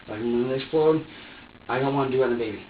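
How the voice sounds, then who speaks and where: A man's voice: mid-range voice, very fast, slight background noise. A young man making an emotional confession during a police interrogation, agitated and profane, stammering and restarting as he talks. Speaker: suspect being questioned by police. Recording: distant, roomy, dull room recording.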